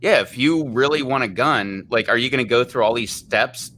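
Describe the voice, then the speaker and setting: A man hosting a casual live chat, argumentative and quick to explain at length. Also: mid-range voice, sharp tone, a little hiss or hum. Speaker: host.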